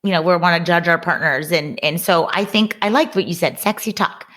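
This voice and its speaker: A woman's voice: fairly low pitch, a little fast, a bit bright. A woman hosting a podcast in an upbeat, encouraging, chatty way. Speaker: podcast host. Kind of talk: casual interview chat.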